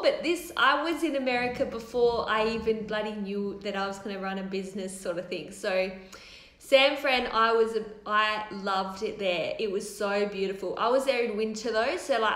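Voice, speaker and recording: A slightly high, somewhat bright female voice belongs to an Australian hair topper business owner in her thirties. She rambles through a casual livestream Q&A from her new office, swearing now and then, with the sound echoing off the room.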